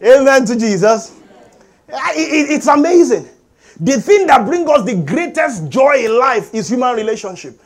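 A middle-aged man preaching a sermon as pastor, animated and calling for amens from the congregation. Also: very high voice, moderate pace. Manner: animated preaching with call-and-response.

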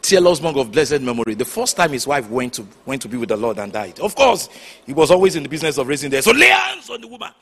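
A man preaching a sermon, telling stories with sudden shouts and hushed asides. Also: mid-range voice, big pitch swings, fast, slightly rough. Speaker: pastor.

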